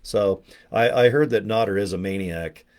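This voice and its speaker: A man talking into the camera from his home studio in a loose, rambling livestream vlog. His voice sits a little low, and he jokes and pokes fun at himself as he goes. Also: normal speed, darkish tone. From Utah, USA. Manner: jokey, rambling, self-mocking. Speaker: network marketing vlogger.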